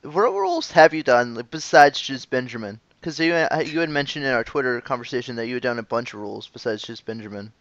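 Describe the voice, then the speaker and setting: A man hosting a casual online interview, excitable and gushing, laughing often. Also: mid-range voice, quick pace, few pauses, no echo, highs cut off. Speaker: interview host.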